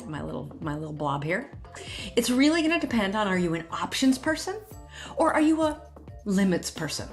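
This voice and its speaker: A woman vlogging about her wardrobe in a casual talk-through, chatty and correcting herself as she thinks aloud. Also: medium pitch. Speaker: personal style vlogger.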